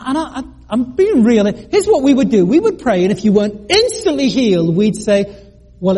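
Middle-aged male preacher, husky high voice, earnest storyteller with wry asides. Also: warm tone. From United Kingdom. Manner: earnest, self-deprecating, with joking asides and stammered restarts. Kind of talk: sermon with personal story.

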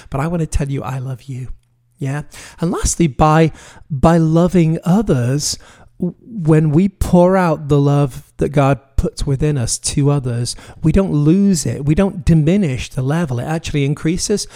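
A man giving sermon-style teaching from his home office, earnest and emphatic, slowing down on key phrases. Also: fairly high pitch, animated, mellow. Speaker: pastor.

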